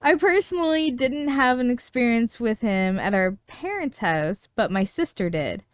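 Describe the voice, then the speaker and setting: A woman co-hosting a casual podcast, reading a listener's story aloud. Her voice is smooth and clear, a little higher than most, and sits close and dry on the mic with no room sound. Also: lively intonation, moderate pace, dry recording. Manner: storytelling with frequent laughs. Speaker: podcast co-host.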